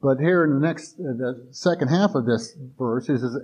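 Husky-voiced folksy preacher man. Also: on the high side, lively intonation, normal speed, hardly any pauses, darkish tone. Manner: folksy, conversational preaching with frequent restarts and fillers; acts out everyday voices in quoted asides. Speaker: pastor. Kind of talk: sermon.

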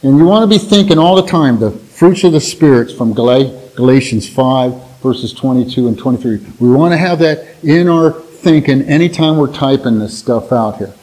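A man's voice: mid-range voice, lively intonation, moderate pace, few pauses, dark tone, low-quality recording. A man giving an informal Bible teaching to his church in a plainspoken, folksy, conversational way.

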